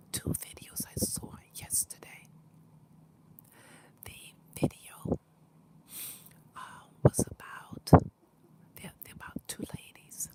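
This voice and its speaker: Whispering woman with laryngitis. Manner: whispered, with frequent pauses and fillers. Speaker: livestream host. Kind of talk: casual livestream talk. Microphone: mouth close to the mic.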